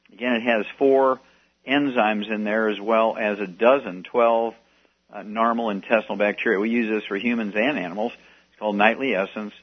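A man hosting a call-in health radio show, giving rambling, folksy advice and plugging products, with many fillers. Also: on the low side. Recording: muffled radio broadcast.

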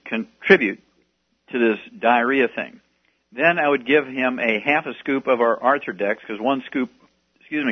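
A man hosting a call-in radio show, talking in a folksy, salesy way and wandering through advice with plenty of ums. His voice sits at an ordinary middle pitch. The broadcast sound is a little muffled.

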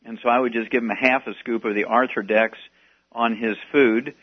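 A man's voice: medium pitch, steady tone, fairly quick, breathy edge. A man hosting a call-in health radio show, giving rambling, folksy advice and plugging products, with many fillers. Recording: muffled radio broadcast.

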